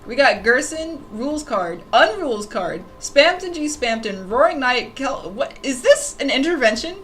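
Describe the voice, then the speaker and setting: A woman drawing fan art on a casual livestream, chatting with viewers in an excitable, giggly way. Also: high-pitched, moderate pace, hardly any pauses, poor audio.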